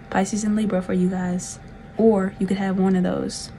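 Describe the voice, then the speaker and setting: A woman's voice: medium pitch, little pitch movement, normal speed, vocal fry, dark tone, a little hiss or hum, low-quality recording. A woman from the South, giving a chatty, laid-back tarot reading with frequent giggles. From Southern United States. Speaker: tarot reader.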